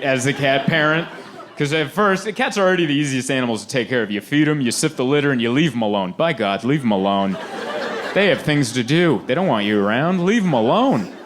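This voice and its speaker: A man doing a stand-up comedy set on stage, animated and laughing often as he acts out little scenes. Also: medium pitch. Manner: animated, laughing often, acting out quoted voices. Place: live comedy venue with audience.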